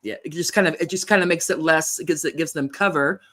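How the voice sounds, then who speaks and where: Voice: mid-range voice, fast talker, pushed and bright. Rambling, laughing interview host. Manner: rambling, laughs often, many fillers. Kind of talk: political interview.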